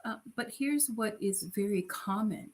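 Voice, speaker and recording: An American woman co-hosting a podcast in casual chat, animated and acting out little voices. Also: mid-range voice, a little slow. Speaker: podcast co-host.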